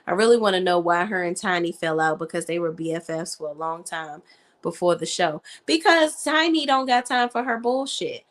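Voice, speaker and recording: A woman hosting a casual chat about reality TV, blunt and profane, quick to laugh. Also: fairly low pitch, animated. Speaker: host.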